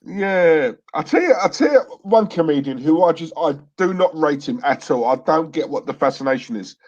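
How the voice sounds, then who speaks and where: A man's voice: fairly high pitch, lively intonation, moderate pace, darkish tone, lo-fi sound. A man co-hosting a live stream, chatting casually and laughing often. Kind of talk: casual chat.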